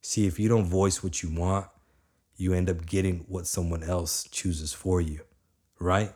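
A young adult man giving a motivational talk in an energetic, conversational way, repeating lines for emphasis. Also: deep voice, a little slow, husky. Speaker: motivational speaker.

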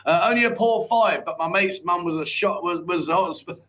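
A man's voice: sits high, a little fast, fairly bright tone, lo-fi sound. A man hosting a casual live chat show, telling stories with cheeky banter and laughter. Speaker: host.

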